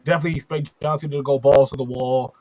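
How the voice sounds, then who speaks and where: A man's voice: mid-range voice, fairly even intonation, racing, a little mellow, muffled recording. A man hosting a casual wrestling podcast, talking emphatically and ranting with rising volume. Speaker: podcast host.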